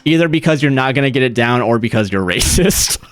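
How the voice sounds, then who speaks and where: Young american streamer guy just chatting, swears a lot, laughs a lot, smooth clear voice, bit of music in the back. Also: medium pitch, expressive, a little fast. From United States. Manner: rambling, profane, laughing often. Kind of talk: casual chat. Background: faint music.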